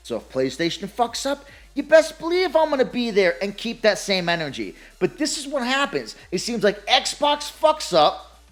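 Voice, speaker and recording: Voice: medium pitch, very animated, normal speed, few pauses, faint music behind. A gaming commentator ranting in a sarcastic, profane way, laughing often and mocking others in put-on voices. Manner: mocks opponents with put-on quoted voices.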